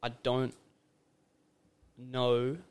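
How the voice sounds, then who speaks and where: A man's voice: medium pitch, monotone, extremely slow, clean tone. A young man, a podcast guest chatting casually and telling stories in a loose, rambling way. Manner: rambling, loose storytelling with many fillers. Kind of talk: casual conversation.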